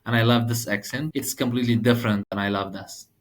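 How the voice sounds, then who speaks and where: A man in his thirties from Afghanistan with an Afghan accent, a podcast guest speaking earnest, halting second-language English. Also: mid-range voice, fairly even intonation, slight background noise. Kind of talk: podcast interview.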